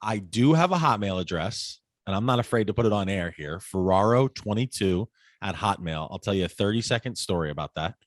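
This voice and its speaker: Male podcast guest, forties, low-pitched, dry close sound, animated raconteur. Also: brisk, dry recording. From United States. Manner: animated storyteller, acts out quoted voices. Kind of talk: casual interview conversation.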